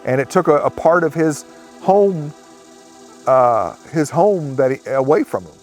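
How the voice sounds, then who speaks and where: Brief: man with a slightly high voice, rambling storyteller, soft music underneath. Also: animated, a little slow. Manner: rambling retelling with quoted speech. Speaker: interviewee recounting a sighting. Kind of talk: casual storytelling interview.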